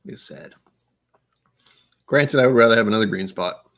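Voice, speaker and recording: A man's voice: on the low side, expressive, moderate pace, a bit bright. A young man hosting a casual live-stream whiskey tasting, rambling playfully and breaking into silly noises and humming.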